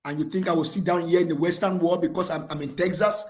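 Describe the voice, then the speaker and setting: Impassioned Nigerian man, high voice. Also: steady tone, quick pace. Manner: fervent, repetitive, rising to shouts. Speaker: caller. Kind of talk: impassioned political commentary.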